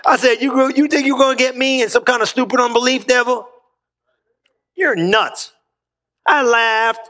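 A man delivers an energetic sermon, his voice pitched high and ringing with a forceful brightness. He preaches in a folksy, colloquial way and keeps urging the room to answer back. It sounds like a pastor at the pulpit of a church. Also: creaky. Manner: energetic, rousing call-and-response preaching.

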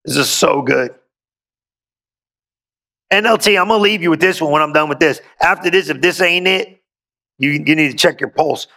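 Gravelly, bright-voiced exuberant preacher man. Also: fairly high pitch, normal speed, long pauses. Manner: exuberant preaching, reading scripture aloud with call-and-response asides. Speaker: pastor. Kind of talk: sermon.

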